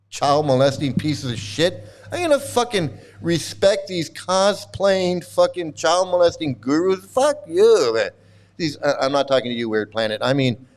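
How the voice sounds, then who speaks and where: A middle-aged man ranting angrily at a video he is reacting to, abrasive and mocking, swearing constantly. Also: a little high. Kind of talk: angry profane rant.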